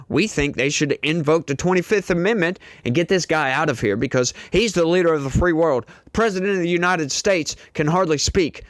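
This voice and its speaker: A man's voice: on the high side, no room sound, studio quality. A man delivering indignant, emphatic political commentary and repeating his points to his audience.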